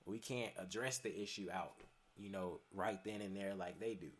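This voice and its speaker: A man's voice: deep voice, fairly even intonation, moderate pace. A man chatting casually on a podcast, laid-back and profane, laughing often and talking with many fillers. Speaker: podcast guest.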